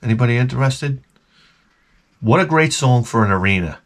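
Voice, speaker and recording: A man's voice: mid-range voice, animated, moderate pace. Rambling, foul-mouthed man. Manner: rambling, swears a lot, drops into mouth sound effects. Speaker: retro gaming vlogger. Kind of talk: rambling profane monologue.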